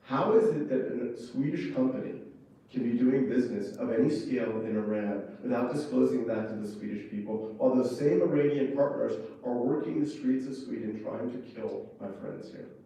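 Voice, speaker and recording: A man delivers a fired-up conference speech, pressing each point with fervent emphasis. His voice is mellow and dark. He is heard from a distance across a strongly echoing hall. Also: mid-range voice, moderate pace. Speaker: conference speaker, former ambassador. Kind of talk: impassioned public speech. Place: conference room. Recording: echoey hall from far off.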